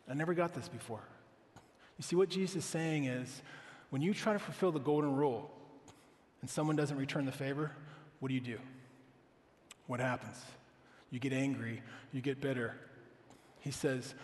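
A man's voice: a little high, normal speed, big-room sound. A man in his thirties, a pastor preaching a sermon in an earnest, conversational way, often asking the congregation questions.

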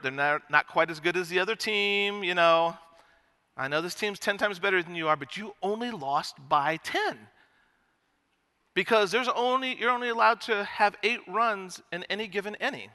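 Bright high-voiced male preacher in a hall. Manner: storytelling, animated, swings between loud and hushed. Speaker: pastor. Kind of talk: sermon.

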